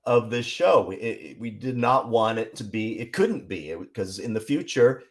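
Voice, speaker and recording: A man from Seattle, a songwriter and writer, talking on a podcast in a measured, explanatory way. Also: medium pitch, expressive. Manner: measured, explanatory, with frequent restarts. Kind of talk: casual interview chat.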